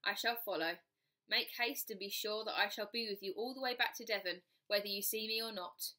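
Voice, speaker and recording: A woman's voice: medium pitch, fairly quick, sharp tone, close to an everyday voice. A woman voicing a mysterious, reassuring male ghost cousin who speaks in courtly, archaic phrases, in a storybook reading.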